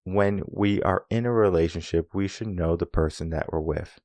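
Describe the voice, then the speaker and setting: A deep-voiced man coaches listeners on relationships in a solo talk at a moderate pace, with no echo. He makes his points through rhetorical questions and animatedly acts out bits of quoted dialogue.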